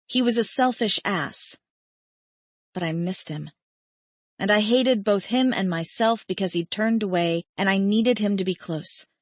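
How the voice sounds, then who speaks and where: A woman narrating a first-person romance audiobook in an intimate, unhurried way on a close studio mic. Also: medium pitch, no room sound.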